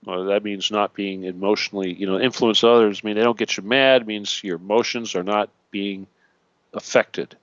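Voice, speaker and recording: On an internet radio talk show, a male host with a fairly low, slightly bright voice speaks at normal speed with fairly even intonation. He teaches in a preachy manner, often checking in with "okay" and "all right" and tossing in jokey asides. The recording is dry and lo-fi.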